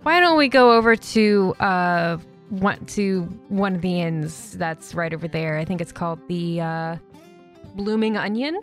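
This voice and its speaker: Woman putting on a bright chatty young dwarf girl. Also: a little high, lively intonation, moderate pace, soft background music, pitched above the performer's own voice. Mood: friendly. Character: young female dwarf potion traveler, friendly.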